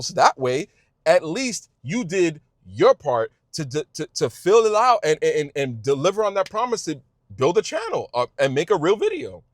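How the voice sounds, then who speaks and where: Male creator, passionate advice-giver; lively swooping pitch, stumbles and restarts, folksy. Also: normal speed, dry recording, studio quality. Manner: emphatic, repetitive, stumbling restarts; informal speech, says y'all. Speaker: YouTube creator giving advice. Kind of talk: passionate direct-to-camera advice.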